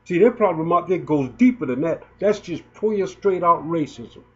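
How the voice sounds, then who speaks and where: A man's voice: on the high side, expressive, normal speed. A man in his fifties giving emotional spoken commentary, indignant and stumbling as he repeats his words. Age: 50s. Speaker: video blogger. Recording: dull lo-fi recording.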